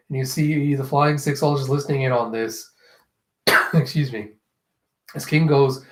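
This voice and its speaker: A man's voice: on the high side, fairly even intonation, moderate pace, echoey room. A man casually reading through a comic chapter, acting out the characters' lines in a raised voice and laughing often. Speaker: manga reaction host. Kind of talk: casual manga reading and reaction.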